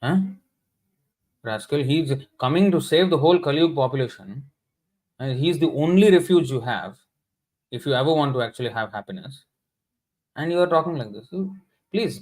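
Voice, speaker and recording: A man's voice: a little high, animated, a little fast, long pauses, poor audio. A man giving a sermon in an indignant, scolding, emphatic manner. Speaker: scripture class speaker.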